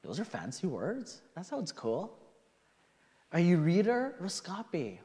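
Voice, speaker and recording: Male pastor, high and very lively delivery, storytelling sermon, reverberant church hall. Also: slow. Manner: animated, swings from quiet to shouting. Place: church sanctuary.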